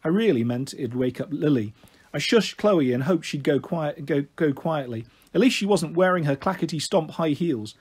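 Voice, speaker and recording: Male storyteller reading a children's book, husky, lively. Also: fairly high pitch, moderate pace. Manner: expressive, animated. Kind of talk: reading a children's novel aloud.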